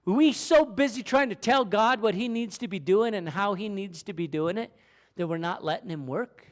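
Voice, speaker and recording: A man pastor preaching a sermon, telling a story and then building to loud, emphatic questions. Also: high-pitched, normal speed.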